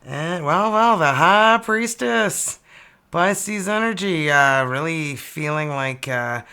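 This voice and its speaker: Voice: mid-range voice, animated, slow, pushed and bright, clear, resonant tone. A tarot reader from Canada giving a casual, chatty reading and exclaiming over each card as it turns up.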